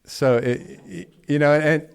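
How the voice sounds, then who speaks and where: A man's voice: on the high side, fairly even intonation, a little slow, clear, resonant tone. A middle-aged man co-hosting a podcast, telling a story in a casual, rambling way with restarts and folksy asides. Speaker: podcast co-host.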